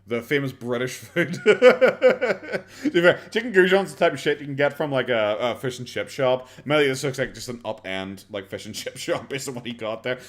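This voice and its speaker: A man's voice: medium pitch, lively intonation, moderate pace. A young Irish man commenting on videos during a live stream, sarcastic and rambling, swearing often and filling gaps with "like". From Ireland. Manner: sarcastic, swears freely, rambling with many fillers.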